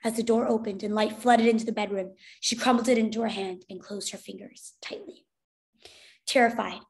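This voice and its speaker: Woman, teacher, storybook read-aloud, fairly high voice, expressive, clear.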